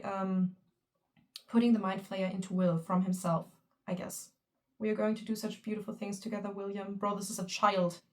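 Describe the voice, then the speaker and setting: A young woman giving excited, emotional fan reaction commentary, swearing often and piling on fillers. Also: mid-range voice, far from the mic. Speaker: fan vlogger.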